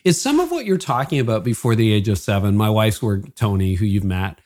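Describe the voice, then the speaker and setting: Lower-voiced man hosting a podcast. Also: big pitch swings, a little fast, a little mellow. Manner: conversational, self-deprecating. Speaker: podcast host. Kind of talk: casual interview chat.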